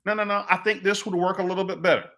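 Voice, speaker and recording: An offhand male politician waving off instructions with a drawn-out "eh", as a commentator puts him on. The voice sits high above the speaker's own and sounds casually dismissive. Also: little pitch movement, a bit bright. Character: breezy male politician brushing off orders.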